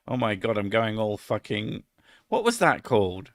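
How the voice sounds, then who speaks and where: A man's voice: on the low side, sing-song, moderate pace. A middle-aged British man chatting casually on a live stream, rambling, swearing a lot and laughing at his own jokes.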